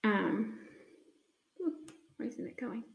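Woman, slow devotional talk, earnest, pausing often, echoey room. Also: a little high, steady tone, vocal fry, lo-fi sound. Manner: unhurried, earnest, many ums and pauses. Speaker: speaker sharing a faith reflection. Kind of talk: casual devotional talk with scripture reading.

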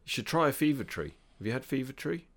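A man's voice: medium pitch, big pitch swings, fast. A man co-hosting a podcast, joking and giving firm opinions in a casual chat. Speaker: podcast co-host.

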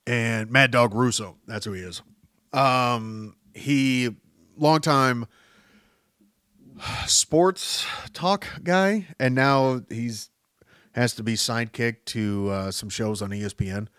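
A man's voice: medium pitch, takes it slowly, smooth, no room sound, studio quality. A man hosting a podcast who rambles through tangents, swears freely and jumps his voice up for emphasis. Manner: rambling, profane, jumping between tangents; animated, voice jumping up for emphasis. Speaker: podcast host. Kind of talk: casual rambling monologue.

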